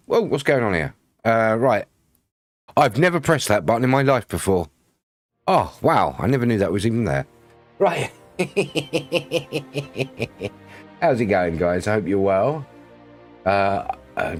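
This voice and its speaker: A man from Britain chatting casually on a game live stream, rambling, laughing often and greeting viewers by name. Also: lowish voice.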